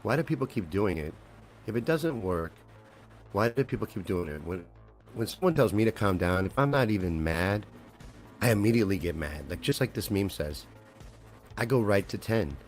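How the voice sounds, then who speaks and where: A man's voice: sits low, animated, a little fast, faint music behind. A man hosting a live comedy stream, rambling and swearing freely while he riffs on memes and news and asks viewers questions.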